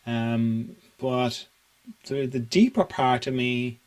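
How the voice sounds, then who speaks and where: A man in a reflective spiritual monologue, musing aloud with many fillers and restarts and frequent soft laughs. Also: medium pitch, fairly even intonation, takes it slowly, low-quality recording. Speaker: spiritual teacher.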